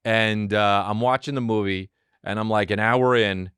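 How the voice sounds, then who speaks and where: Excitable, profane male podcast host. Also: on the low side, clear, resonant tone, no room sound, clean studio sound. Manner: excitable, profane, riffing with quick acted asides. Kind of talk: comedic rambling monologue.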